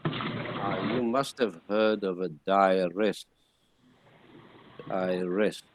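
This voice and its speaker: A man giving a classroom lecture, explaining slowly and patiently with frequent restarts. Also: low voice, fairly even intonation, a little hiss or hum. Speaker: teacher.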